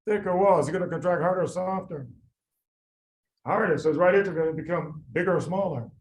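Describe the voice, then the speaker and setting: A man tutoring medical students in a lively class, quizzing them by name and repeating the key points. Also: high voice, quick pace, low-quality recording. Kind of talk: lively classroom teaching with drills.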